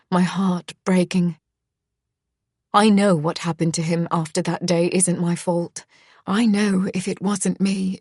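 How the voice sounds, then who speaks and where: A woman reading a dark romance audiobook in first person, slow and unhurried, her voice soft and turning breathy in the tender passages. Her tone sits a little low, recorded close and completely dry. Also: no echo. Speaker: audiobook narrator.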